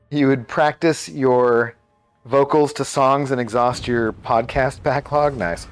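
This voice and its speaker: A man's voice: medium pitch, slow, pauses often, clear, resonant tone, soft background music. A man in his thirties, a live streamer chatting casually and rambling as he answers viewer messages.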